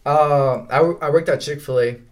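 A man's voice: on the high side, fairly quick. A young man telling laid-back stories on a podcast, swearing often, saying "bro" a lot and laughing as he goes. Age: young adult. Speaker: podcast co-host. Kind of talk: casual storytelling chat.

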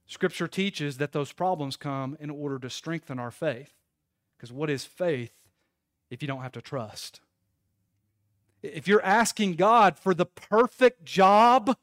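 A man's voice: fairly high pitch, animated, takes it slowly, long pauses, a bit bright, dry recording, studio quality. A man in his thirties, a pastor, preaching a sermon in a conversational storytelling way to his congregation.

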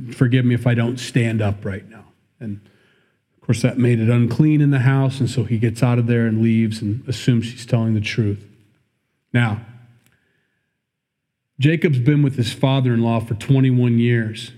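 Man, pastor, mellow voice, conversational sermon, reads verses then comments. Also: mid-range voice. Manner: conversational, reads scripture then adds plain asides. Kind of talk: sermon, verse-by-verse Bible teaching.

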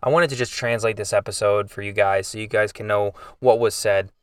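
Man, podcast host, low voice, emotional rambling storytelling, dry sound, a bit off-mic. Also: fairly even intonation, fairly quick, clear, resonant tone, dry recording, far from the mic. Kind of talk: casual storytelling monologue.

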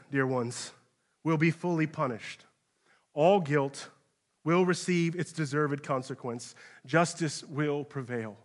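A man preaches a sermon with a fairly high voice. He moves between hushed, grave stretches and raised, urgent ones. He keeps putting questions straight to his congregation. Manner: earnest preaching with sharp swings between hushed and raised passages; direct address to listeners with rhetorical questions. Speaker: pastor. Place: church.

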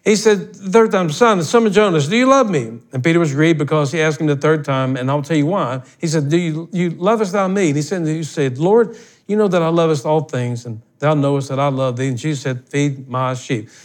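An older male pastor delivers a sermon in a notably high voice. He talks in a folksy, plain-spoken way and pushes his points bluntly. His delivery swells into emphatic bursts when he presses a point. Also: fairly quick. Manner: folksy, blunt, emphatic preaching with rising outbursts.

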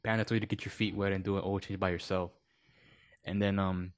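A man's voice: sits low, flat delivery, fast. A man telling long work stories in casual chat, rambling with many fillers and acting out quoted voices. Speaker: podcast guest.

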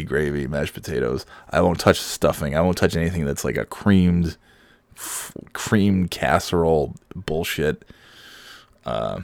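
Sick middle-aged male podcaster, deep, gravelly, dry mic, rambling and self-mocking. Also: no room sound. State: sick, holding back coughing fits; half awake. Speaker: podcast host. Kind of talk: casual solo podcast monologue. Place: home with kids heard in the background.

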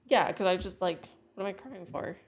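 A woman's voice: lowish voice, expressive, a little fast. A woman co-hosting a podcast, telling a personal story in blunt casual chat with lots of swearing. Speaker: podcast co-host.

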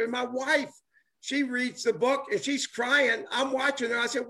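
An older former ballplayer turned author chats casually on a live stream, his higher-than-usual male voice carrying a lilt. His tone is steady, pushed and bright, and his pace measured, yet he rambles enthusiastically, tripping over fillers and restarts while chasing his point.

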